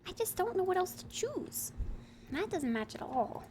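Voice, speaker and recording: A woman's voice: very high voice, sing-song, moderate pace, a little mellow, a little hiss or hum. A woman streamer thinking aloud in a casual, playful way while she builds in a game. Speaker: live streamer.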